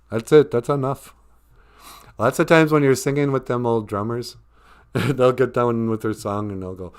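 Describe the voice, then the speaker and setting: A man's voice: mid-range voice, big pitch swings, moderate pace, clear, resonant tone. An older man hosting a casual live stream about Ojibwe, rambling and joking, often breaking into laughs. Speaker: host teaching Ojibwe.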